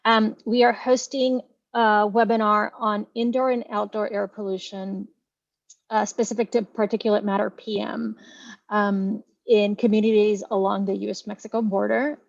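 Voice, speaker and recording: Flat-voiced woman presenting on a call. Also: mid-range voice, gravelly, no room sound, dull audio. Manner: steady, informative, with fillers. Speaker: EPA staff presenter. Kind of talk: online meeting presentation. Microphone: video call.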